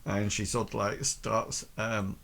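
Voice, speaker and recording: A man narrating a tabletop game as game master, hesitant, with many pauses and restarts. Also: lowish voice, flat delivery, vocal fry, a bit bright.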